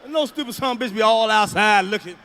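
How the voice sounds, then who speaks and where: High, bright-voiced man doing profane stand-up. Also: quick pace, a faint crowd. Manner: loud, profane, storytelling with acted-out voices. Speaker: stand-up comedian. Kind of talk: stand-up routine. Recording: archival stand-up clip.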